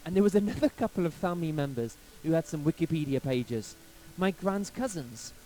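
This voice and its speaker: A man from England, a pastor telling a personal story in a sermon, lively and anecdotal, acting out quotes along the way. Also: a little high, fairly quick, rough recording.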